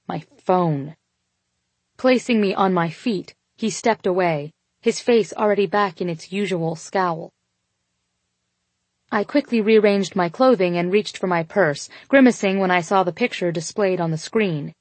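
A woman reading a first-person romance story aloud, intimate and expressive, voicing the dialogue as she goes. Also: on the low side, moderate pace, no room sound. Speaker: audiobook narrator.

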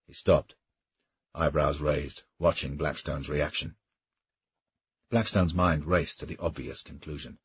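A man narrating an audiobook in a measured, even storytelling manner, with a husky voice. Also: extremely low pitch, highs cut off. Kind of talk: scripted narration.

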